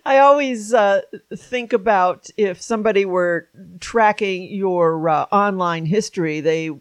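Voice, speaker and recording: A woman hosting an interview, friendly and quick to laugh. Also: mid-range voice, smooth, no echo. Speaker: interview host. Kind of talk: casual interview chat.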